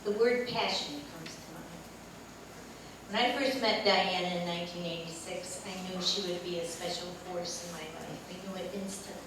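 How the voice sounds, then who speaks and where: A woman's voice: fairly low pitch, steady tone, normal speed. An older woman giving a memorial tribute speech, telling fond stories of her friend with humor. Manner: warm storytelling with laughter. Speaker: eulogy speaker. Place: large echoey hall. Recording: echoey hall from far off, noisy.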